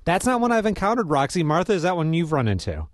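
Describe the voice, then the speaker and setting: Relaxed male radio host. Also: fairly high pitch, quick pace, no room sound. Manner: relaxed, friendly questioning. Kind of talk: radio call-in show.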